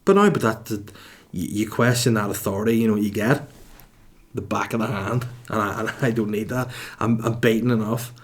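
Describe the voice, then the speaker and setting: A man in his thirties with a Northern Irish accent, hosting a comedy podcast at home in a cold room, telling stories with animated exasperation and swearing. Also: on the low side, moderate pace. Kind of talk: comedic monologue.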